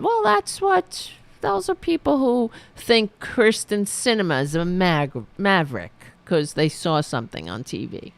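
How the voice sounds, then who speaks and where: A woman's voice: fairly low pitch, sing-song, a little slow, vocal fry, few pauses. A woman hosting her own podcast, ranting about politics in a sarcastic, profane, mocking way. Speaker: podcast host. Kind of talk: political commentary rant.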